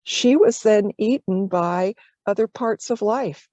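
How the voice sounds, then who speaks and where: A woman teaching meditation, telling a personal story slowly and tenderly, at times near tears. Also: medium pitch, mellow, dry recording, highs cut off. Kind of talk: personal story in a dharma talk.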